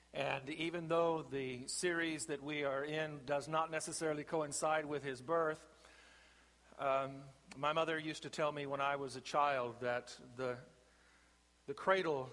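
Male pastor, sermon from the pulpit, bright and forceful tone, slow emphatic delivery, reverberant sanctuary. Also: fairly high pitch. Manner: slow, emphatic preaching with deliberate pauses. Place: church sanctuary. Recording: long reverb of a church sanctuary.

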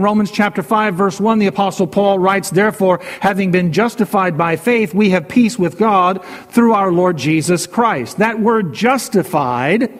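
A pastor preaches in a notably high voice, delivering each phrase slowly and deliberately and repeating key lines for emphasis. A long reverb trails his words, as though he's in a large hall.

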